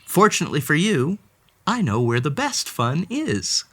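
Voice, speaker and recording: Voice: mid-range voice, sing-song, moderate pace, very noisy. A storybook read-aloud host narrating a children's story with playful, theatrical flair and speaking directly to the story's cat.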